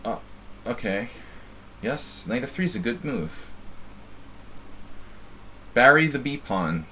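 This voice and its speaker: A man's voice: medium pitch, animated, slow, bright, forceful tone, slight background noise. A man from New Jersey giving casual live-stream chess commentary, thinking aloud and often repeating words as he muses. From New Jersey, USA.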